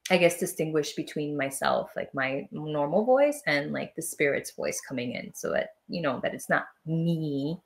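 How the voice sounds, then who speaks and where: A woman talking as a guest on a podcast, animated and quick to laugh, sometimes acting out voices as she explains. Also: sits low, vocal fry. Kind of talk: casual interview chat.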